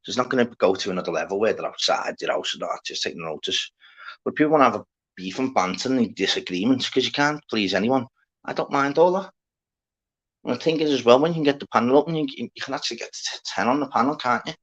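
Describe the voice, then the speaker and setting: A man's voice: medium pitch, animated, fast talker, fairly bright tone, husky, lo-fi sound. A man hosting a livestream, chatting casually and rambling to his viewers, full of slang and swearing as he greets people in the chat. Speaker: livestream host.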